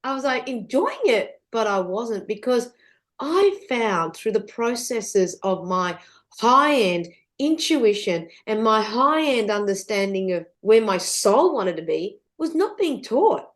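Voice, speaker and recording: Middle-aged female guest, lively rambling storyteller, slightly high voice, casual swearing. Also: slow pace. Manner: animated, rambling, with frequent restarts and swearing. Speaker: podcast guest. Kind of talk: candid storytelling interview.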